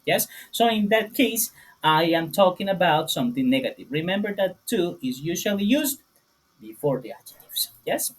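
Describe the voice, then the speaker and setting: Spanish-speaking guy teaching english grammar online, kinda husky, mic a bit far off, keeps asking yes?. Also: normal speed. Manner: repeats "yes?" to check understanding, lively rises in pitch.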